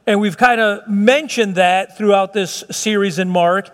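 A man's voice: high voice, measured pace, big-room sound. A man giving a sermon as pastor, preaching in a fervent, conversational way with repeated phrases and restarts. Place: church sanctuary.

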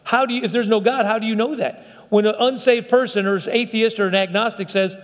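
Folksy preacher man, high voice, hall reverb. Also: fairly even intonation, fast talker. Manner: folksy, repetitive restarts, conversational preaching. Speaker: pastor. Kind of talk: sermon.

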